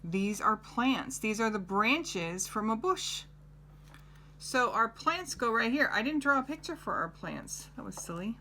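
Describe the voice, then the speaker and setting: Woman, middle-aged, kids' lesson host; unhurried delivery, crisp bright tone, coaxing questions. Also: on the high side, lively intonation, a little hiss or hum. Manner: gentle, coaxing, asks the child questions. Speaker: teacher. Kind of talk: children's lesson.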